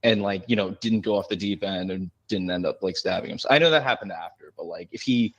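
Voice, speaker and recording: A man's voice: sits low, fast, fairly bright tone, dull audio. A man calling in to a radio show, asking a question in a rambling, hesitant way. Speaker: caller.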